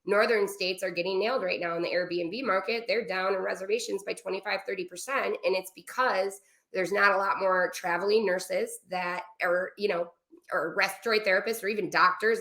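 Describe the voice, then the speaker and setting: Guesting on a podcast interview, a woman who owns a travel business explains it quickly and animatedly, full of asides and quick pivots. Her medium-pitched voice echoes in a noticeably roomy space.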